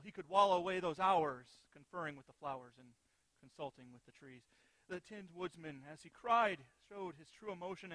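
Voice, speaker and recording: A man's voice: high-pitched, sharp tone, dry recording. A pastor giving a sermon in an easygoing way, asking his listeners rhetorical questions and now and then repeating a word as he restarts. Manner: conversational preaching with rhetorical questions; repeats words when restarting.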